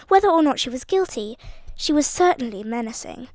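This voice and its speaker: High-voiced woman narrating an audiobook. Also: brisk, no echo. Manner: expressive, voices each character. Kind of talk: storytelling narration.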